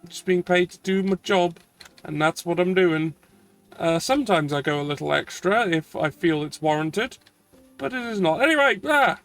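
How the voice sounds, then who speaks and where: A man's voice: high voice, lively intonation, moderate pace, soft background music. A man streaming a game, giving chatty, rambling, self-deprecating commentary as he plays. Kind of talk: casual gameplay commentary.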